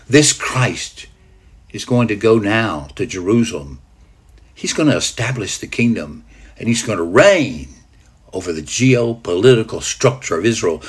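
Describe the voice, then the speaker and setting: A man preaching a sermon, drawing listeners into a scene he narrates as "you", moving from loud declarations to hushed tones. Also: lowish voice, breathy edge. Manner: dramatic guided storytelling, swinging from loud to hushed.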